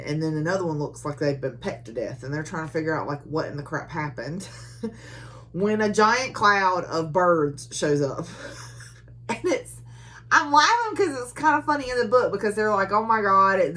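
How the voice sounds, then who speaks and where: A woman's voice: on the low side, a bit bright. A woman giving a casual book recap, chatty and full of filler words, laughing often as she retells the story. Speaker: book reviewer.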